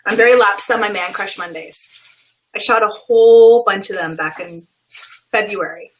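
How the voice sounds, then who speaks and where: A woman's voice: medium pitch, normal speed, slight background noise, poor audio. A woman in her thirties hosting a casual live video chat from home, chatty and laughing often, heard over a webcam call. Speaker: host. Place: home, sheet hung behind her.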